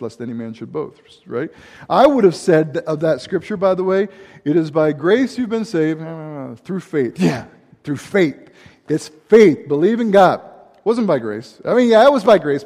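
A man's voice: on the high side, darkish tone. A middle-aged man preaching a sermon as pastor, in a loose conversational way with asides and restarts. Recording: long hall reverb.

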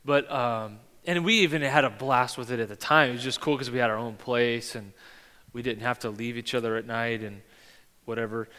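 A young man, a pastor, preaching a sermon and telling a personal story in an animated way, acting out the dialogue. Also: medium pitch, normal speed, clean tone, in a large hall.

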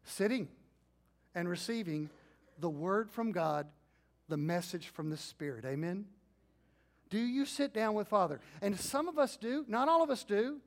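A middle-aged male pastor preaching a conversational sermon, asking his congregation questions and dropping into quiet, intimate asides. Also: high-pitched, lively intonation, unhurried.

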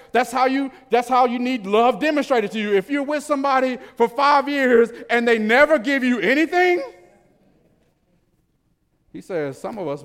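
A male pastor preaching a sermon in a church, animated, swinging between loud emphasis and soft low asides. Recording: reverberant church hall.

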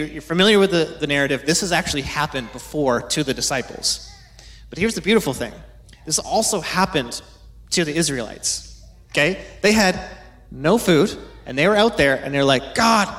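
A man's voice: on the high side, fairly bright tone. A man preaching a casual, conversational sermon, teaching from the Bible and acting out quoted voices now and then.

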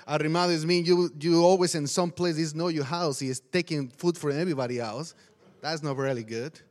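A man's voice: on the high side, fairly even intonation, a little fast. A pastor from Mexico, a man whose first language is Spanish, preaching energetically in broken English with a Mexican Spanish accent and frequent laughter. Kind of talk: sermon.

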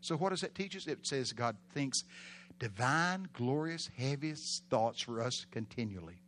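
A man with a Texan accent, preaching a sermon in a folksy storytelling way, with bursts of loud emphasis. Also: mid-range voice, lively intonation, measured pace, slight background noise. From Texas.

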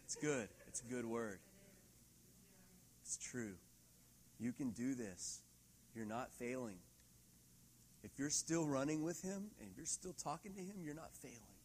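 A middle-aged man preaching a sermon in a church hall, lively and laughing often, acting out quoted voices. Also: mid-range voice, measured pace, pauses often, slight background noise. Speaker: pastor.

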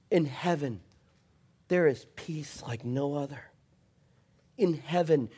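A man preaching a sermon, swinging from passionate, shouted refrains down to a soft, intimate storytelling voice. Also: fairly high pitch, slightly rough. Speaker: pastor.

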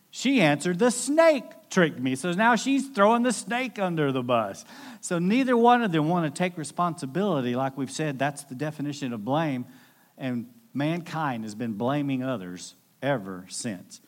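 A man preaching a sermon in a conversational, animated way, with jokey asides and acted-out quotes. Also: fairly high pitch, normal speed. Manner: animated, acts out quoted voices. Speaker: pastor.

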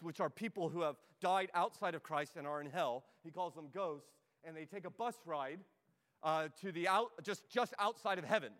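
A male preacher with a high voice, delivering a sermon with direct, emphatic exhortation. Long reverb from the church hall trails each phrase. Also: fairly bright tone.

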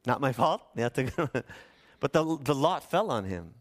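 A man's voice: medium pitch, big pitch swings, moderate pace. A middle-aged man, a pastor, preaching a sermon in a conversational storytelling way with acted-out quotes.

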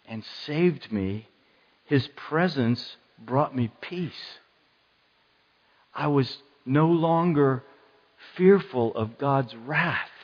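Animated preacher in a reverberant hall. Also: male voice, medium pitch, breathy edge. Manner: animated, acts out quoted voices. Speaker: pastor. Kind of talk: sermon. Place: church. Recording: muffled church hall sound with long reverb.

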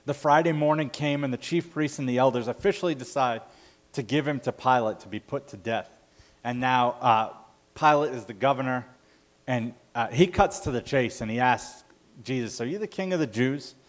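Male pastor, mid-pitch, casual conversational sermon delivery with fillers. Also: moderate pace. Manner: conversational, self-correcting with fillers.

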